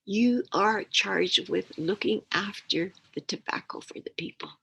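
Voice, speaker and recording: A wise spirit teacher , as an older woman puts him on, speaks to a small mouse with gentle solemnity. Some of it drops almost to a whisper, and the voice stays gravelly and slow. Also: mid-range voice, exaggerated voice.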